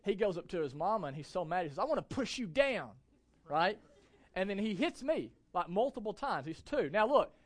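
High-voiced man preaching with emphasis. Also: lively intonation, fast talker, hardly any pauses. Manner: emphatic, with many rhetorical questions to the congregation. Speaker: pastor. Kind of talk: sermon.

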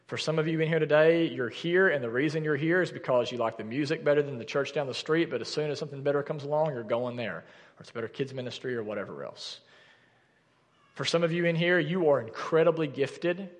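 A man's voice: fairly high pitch, a little fast, in a large hall. A young adult man preaching a sermon as pastor, addressing the congregation directly and earnestly. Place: church sanctuary.

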